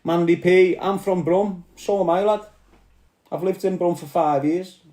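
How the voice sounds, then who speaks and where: A Scouse man rants and swears on a live stream, answering his commenters in a confrontational way. His voice sits a little high and mellow, and the room around him sounds echoey. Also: fairly even intonation, unhurried. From Liverpool. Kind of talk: ranting live chat.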